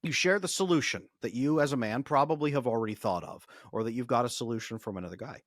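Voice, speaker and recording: A man talking as a podcast guest, coaching listeners with animated, acted-out examples. His voice sits at an ordinary middle pitch, and the recording is dry and close with no room sound. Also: fast talker, few pauses, no room sound. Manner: animated, explanatory, talks through acted examples. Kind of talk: podcast interview.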